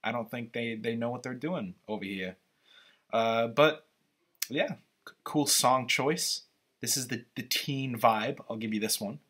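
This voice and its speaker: Bright-voiced man reacting to a trailer. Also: mid-range voice. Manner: rambling, halting, opinionated. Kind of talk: casual reaction commentary.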